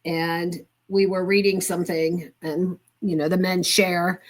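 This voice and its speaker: A woman's voice: on the low side, level tone, unhurried. Older woman telling a heartfelt story. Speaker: guest. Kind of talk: casual conversation.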